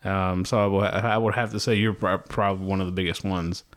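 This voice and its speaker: Rambling man with a low voice. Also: steady tone, brisk. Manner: rambling, many fillers and restarts, laughs often. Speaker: podcast guest. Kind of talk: casual chat.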